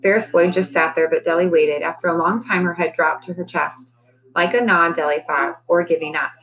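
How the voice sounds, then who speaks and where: A woman's voice: on the low side, steady tone, brisk, a bit bright, poor audio. A woman teacher reading a children's novel aloud, lifting her voice for the characters' lines. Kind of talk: storybook read-aloud.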